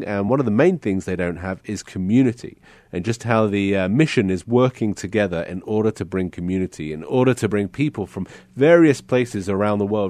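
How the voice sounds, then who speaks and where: A male pastor hosts a faith podcast in a low, gentle voice, reflective and easy to laugh. The recording is dry and close, with no room sound. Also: dry recording. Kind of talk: podcast interview.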